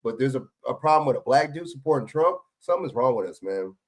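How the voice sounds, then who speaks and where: A man hosting a livestream reacts to clips, arguing back at them with blunt, profane, casual commentary. His voice is medium-pitched, and he speaks animatedly and fast.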